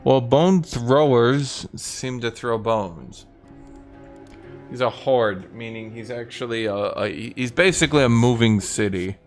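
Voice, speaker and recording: A man's voice: medium pitch, slow, soft background music. Sardonic man commenting on a game. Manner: offhand and sardonic, swears casually. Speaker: streamer. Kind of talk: casual gameplay commentary.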